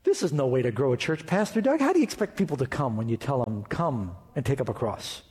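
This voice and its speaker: A man pastor voicing a skeptical churchgoer who questions his message, in a lower tone. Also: sing-song, fast, a little mellow, natural voice. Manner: doubting, questioning. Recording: reverberant hall.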